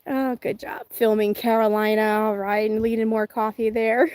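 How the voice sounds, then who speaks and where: A woman's voice: a little high, level tone, normal speed, darkish tone, clear, resonant tone, no echo. A woman hosting a casual live chat outdoors, reading viewer comments, chatty and giggly with a self-deprecating humor. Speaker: livestream host.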